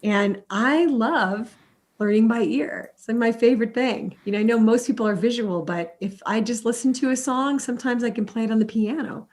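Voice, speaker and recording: A middle-aged woman, a music therapist, talks through interview answers in an animated storytelling way. She drops into quick acted-out quotes of other people as she explains her ideas. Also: on the high side.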